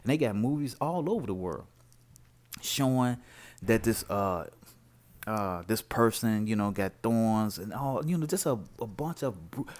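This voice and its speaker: Animated man preaching with lively pitch. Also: measured pace. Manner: animated, emphatic, rhetorical questions. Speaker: religious commentator. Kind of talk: informal preaching to camera.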